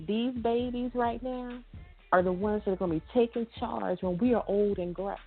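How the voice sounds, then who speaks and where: On a radio talk show she co-hosts, a woman with a fairly high voice preaches with emphasis at normal speed, going over her points again and again. The sound is thin and phone-like, with music faintly in the background.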